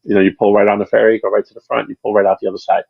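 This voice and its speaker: A man's voice: lowish voice, little pitch movement, racing, gravelly, breathy edge, dry recording, dull audio. A man being interviewed about his channel, chatting casually on a livestream and telling long, rambling stories with many restarts. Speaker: channel creator, interview guest.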